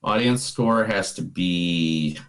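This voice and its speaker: A man co-hosting a casual movie podcast, joking around and swinging between quick bursts and slow drawls. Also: low voice, fairly bright tone. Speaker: podcast co-host.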